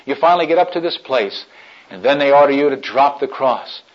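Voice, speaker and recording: A man's voice: mid-range voice, expressive, a little fast. Dramatic preacher man, lo-fi recording. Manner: dramatic storytelling, swings from hushed to loud. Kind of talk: sermon. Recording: dull lo-fi recording.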